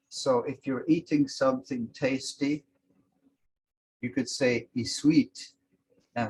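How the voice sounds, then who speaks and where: A man teaching a language lesson, explaining words slowly and calling out each one with emphasis. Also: medium pitch, a little hiss or hum, poor audio. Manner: slow and explanatory, sounding out each word with emphasis.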